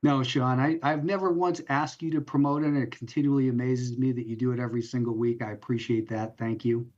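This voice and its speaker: A man's voice: medium pitch, fairly even intonation, fast, a little mellow, muffled recording. A man appearing as a guest trader, speaking modestly and in a friendly way. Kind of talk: casual remote chat.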